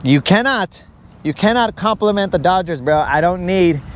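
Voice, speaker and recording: A man with a high-pitched, lively voice hosts a fishing stream outdoors on a lake, sitting in a boat, with slight background noise. Joking throughout, he teases viewers by name and drifts into drawn-out tangents.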